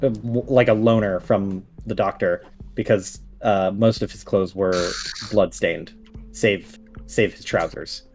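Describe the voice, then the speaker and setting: A man's voice: on the low side, fairly even intonation, unhurried, a little mellow, soft background music. A man running a tabletop game as game master, narrating in a casual, chuckling way full of fillers.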